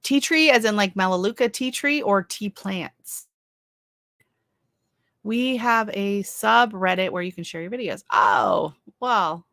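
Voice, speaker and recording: A woman's voice: mid-range voice, unhurried, gravelly, a bit bright, no room sound, studio quality. A middle-aged woman from Canada chatting on her own livestream, rambling with fillers and restarts as she reads comments. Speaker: channel host on a livestream. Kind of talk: casual livestream chat reading comments.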